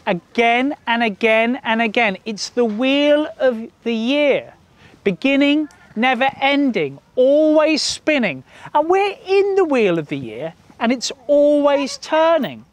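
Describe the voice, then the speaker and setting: A man telling stories to a group of children in a park, in a lively sing-song way, coaxing them to join in. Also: very high-pitched, slow pace, no echo. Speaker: children's storyteller. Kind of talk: storytelling to children outdoors. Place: outdoors in a park.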